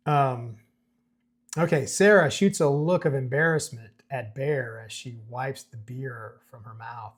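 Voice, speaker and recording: Husky middle-aged man talking casually. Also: mid-range voice, slow, long pauses. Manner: conversational, chuckles, many fillers and restarts. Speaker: host breaking down a screenplay. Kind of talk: casual commentary reading script excerpts.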